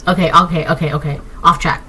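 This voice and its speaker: A woman's voice: low voice, fast talker, a little hiss or hum, poor audio. Rambling woman reading tarot. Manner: rambling, digressive, excitable; keeps asking "right?". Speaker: tarot reader. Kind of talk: casual collective tarot reading.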